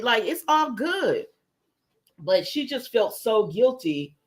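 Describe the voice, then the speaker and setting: A woman's voice: fairly high pitch, sing-song, unhurried. A woman chatting casually on a livestream, retelling soap opera scenes and answering viewer comments. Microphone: livestream setup with computer microphone.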